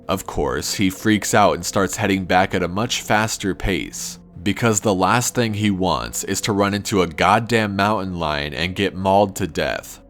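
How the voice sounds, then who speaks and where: A man calmly narrating a first-person horror story in a measured, scripted way. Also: low-pitched.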